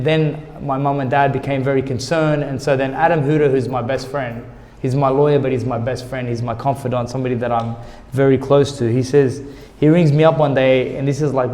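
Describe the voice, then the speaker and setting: A man of middle pitch, once a boxer, tells his story candidly and with feeling, and acts out what others said in lively quoted dialogue. His voice carries a long reverb, as if spoken in a large hall. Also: normal speed. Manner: emotional, retells conversations in quoted dialogue. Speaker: interview guest, former boxer.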